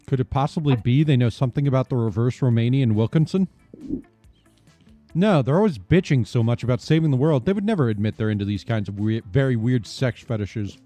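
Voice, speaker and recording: A man's voice: medium pitch, fairly quick, dry recording. A man playing a video game on stream with friends, reading the game's text aloud and joking with them. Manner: lively, joking. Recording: faint background music.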